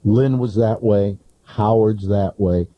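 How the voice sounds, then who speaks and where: Low-voiced halting radio host guest. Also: male voice, slight background noise. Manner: halting, repeats words as he starts. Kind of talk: radio talk show conversation. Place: radio studio. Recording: muffled lo-fi radio broadcast.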